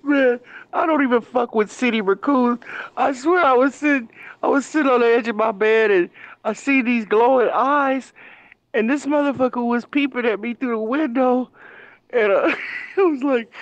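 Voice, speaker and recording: Animated storyteller in a dry room. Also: mid-range voice, moderate pace, no room sound, dull audio. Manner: animated storyteller, swears, laughs a lot. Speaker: co-host. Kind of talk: casual chat.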